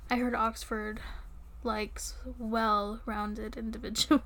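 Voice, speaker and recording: A young woman in an intimate audio role-play, breathless and giggly, often dropping to a soft whisper. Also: on the high side, flat delivery, slow, long pauses.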